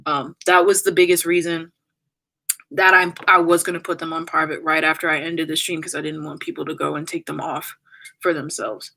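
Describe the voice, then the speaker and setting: On a farewell livestream, a young YouTuber reads comments in a low, level, gravelly voice that's bright and forceful, talking fairly quickly. She's fighting back tears, apologizing and rambling with lots of fillers. The audio quality is poor.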